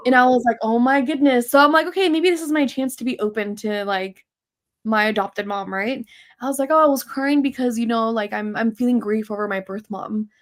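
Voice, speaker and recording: A woman hosting a talk show, telling a personal story in a candid, animated way, full of fillers. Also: on the high side, fairly quick. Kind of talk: casual personal conversation.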